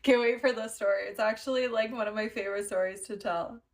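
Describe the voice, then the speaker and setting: Young woman, fairly high voice, casual livestream chat, giggly storyteller, thanks viewers as she goes. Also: steady tone, fast talker. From Canada. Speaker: livestream host.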